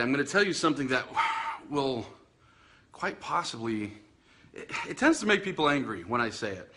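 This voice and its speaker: A man hosts a casual dog-training podcast from home with a bright, forceful voice. He talks in a loose, chatty way, teasing himself and circling back with ums and restarts. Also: mid-range voice, very animated, moderate pace. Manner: chatty, self-teasing, many fillers and restarts. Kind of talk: casual video podcast monologue. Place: indoors in front of a Christmas tree.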